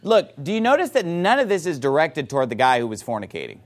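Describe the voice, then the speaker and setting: A male preacher delivering a sermon with a high, lively voice that swoops up and down. He reads scripture aloud and slips into quoted voices as he explains. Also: fast talker. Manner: animated, acts out quoted voices.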